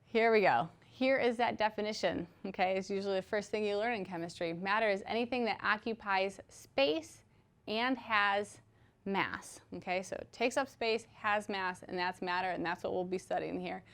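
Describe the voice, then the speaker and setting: A woman's voice: medium pitch, normal speed, a bit bright. Chatty woman teaching chemistry. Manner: conversational, frequent "okay?" check-ins; patient explaining with everyday examples. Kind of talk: recorded video lecture.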